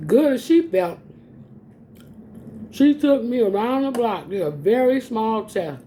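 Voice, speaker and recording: A woman vlogger, casually telling viewers a personal story, animated and laughing often. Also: fairly high pitch, takes it slowly, a little hiss or hum. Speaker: mukbang vlogger. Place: home, eating on camera.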